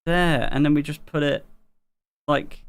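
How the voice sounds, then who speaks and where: A man's voice: a little high, fairly even intonation, unhurried, clean tone. An English man hosting a live music stream, chatting casually, rambling with fillers and laughing often. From England.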